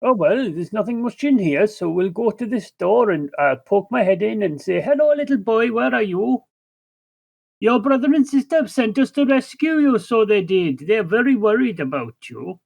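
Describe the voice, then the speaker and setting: A man's voice: high voice, animated, moderate pace, vocal fry, darkish tone, heavily acted. An older man voicing a cheerful male gnome artificer in a put-on Welsh accent, ending his sentences with "so it is". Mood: earnest. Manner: ends sentences with "so it is". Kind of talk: in-character tabletop play.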